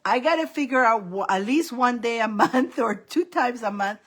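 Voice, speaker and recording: Middle-aged woman chatting on a live stream, kinda high voice, giggles a lot, all over the place. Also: lively intonation, normal speed, fairly bright tone. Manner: giggly, rambling, laughs often. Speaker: psychic reader and live host. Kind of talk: casual live-stream chat.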